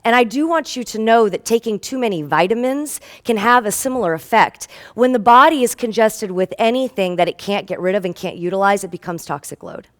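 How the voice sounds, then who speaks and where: A woman's voice: mid-range voice, lively intonation, a little fast, few pauses. A woman health practitioner giving an inspirational stage talk. She speaks earnestly and with emotion, tells stories about her patients with acted-out dialogue, and builds up to rallying calls to her listeners.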